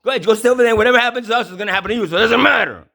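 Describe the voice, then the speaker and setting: A man rants straight at his listeners, stumbling over repeated words and swearing heavily. His voice sits fairly high for a man, and he often breaks into yelling. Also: rapid-fire, vocal fry. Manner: stammering repetitions, heavy swearing, yelling. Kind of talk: profane ranting monologue.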